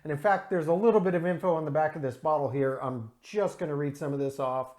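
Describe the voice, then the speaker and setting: A man's voice: fairly high pitch, fast talker, a little mellow. Enthusiastic man reviewing beer. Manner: enthusiastic, descriptive, frequent um and uh. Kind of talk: casual solo review.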